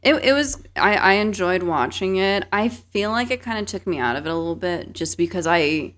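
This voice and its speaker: A woman's voice: mid-range voice, animated, normal speed, fairly bright tone. A woman co-hosting a podcast in casual chat, chatty and laughing easily, with lots of fillers. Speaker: podcast co-host.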